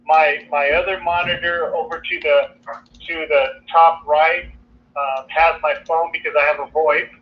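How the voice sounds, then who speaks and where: A man's voice: fairly high pitch, little pitch movement, unhurried. Hesitant man on a tinny phone line. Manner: hesitant, many fillers and restarts. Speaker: client on a call. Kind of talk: casual chat.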